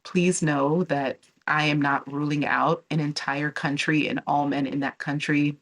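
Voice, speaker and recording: Low-voiced woman chatting candidly to camera. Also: flat delivery, a little slow. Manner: candid and chatty, with filler words and restarts. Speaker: travel and relocation vlogger. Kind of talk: casual talk to camera.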